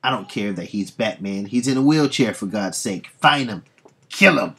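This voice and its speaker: A cold, commanding male supervillain with a husky, lowish voice, as a man reads his comic lines aloud. He sounds ruthless and scheming from a comic book scene. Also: animated, normal speed, bright, forceful tone, exaggerated voice. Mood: furious.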